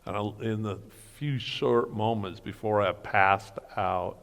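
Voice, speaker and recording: A middle-aged man giving an earnest personal testimony as a guest speaker, telling his story slowly. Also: on the low side, steady tone, vocal fry, fairly bright tone, big-room sound, slight background noise. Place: church hall breakfast gathering.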